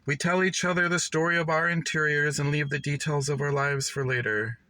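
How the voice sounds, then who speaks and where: A man giving a measured, reflective reading of a literary story. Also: fairly high pitch, steady tone, pushed and bright, no echo, rough recording. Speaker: reader.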